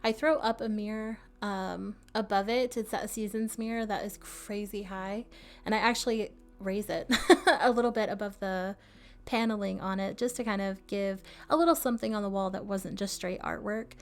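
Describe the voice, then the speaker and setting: Hiccuping as she goes, a woman narrates her game build in a relaxed voice-over, laughing often and dropping friendly side comments. She speaks at a normal speed in a mid-range voice with fairly even intonation.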